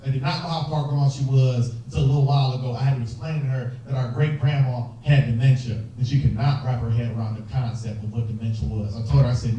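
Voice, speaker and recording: Talking at a quick pace in a mid-range voice, this young man of Dominican background works the crowd between lively family anecdotes and impersonations. The stand-up set was recorded in an echoey hall, the mic distant, with laughter from the audience in the background.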